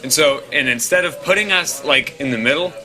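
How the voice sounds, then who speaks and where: A man's voice: a little high, brisk, pushed and bright. A young man co-hosting a podcast, telling a story in casual, profane, filler-heavy talk and mimicking the people in it. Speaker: podcast co-host. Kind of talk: casual storytelling among friends. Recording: co-hosts laughing in background.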